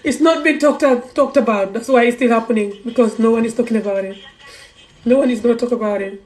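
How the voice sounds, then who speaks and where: High-voiced woman, fervent outspoken rant to her followers, echoey room, faint music behind. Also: quick pace, darkish tone. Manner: fervent, outspoken, repetitive, broken English grammar. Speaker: vlogger. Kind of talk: impassioned personal monologue.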